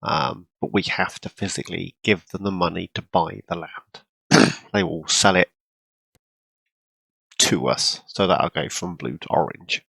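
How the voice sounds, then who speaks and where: Low gravelly guy rambling slow through his farm game, lots of ums, coughs and hiccups. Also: sharp tone, dry recording. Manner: rambling, with many ums and throat-clearing. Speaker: farming game role-play channel host. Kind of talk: casual gameplay commentary.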